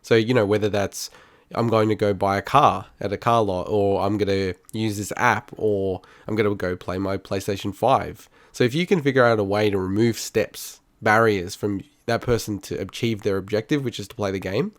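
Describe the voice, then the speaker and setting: A man's voice: lowish voice, fairly even intonation, normal speed, no room sound, studio quality. A man co-hosting a podcast, arguing his point in casual chat and laughing often. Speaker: podcast co-host.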